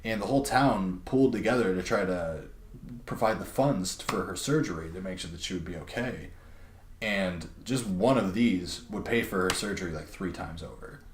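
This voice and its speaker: A man voicing an earnest, awestruck young farm-boy hero in a plain, soft, wistful retelling voice. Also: low voice, normal speed, a little hiss or hum, pitched below the performer's own voice, natural voice. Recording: roomy room.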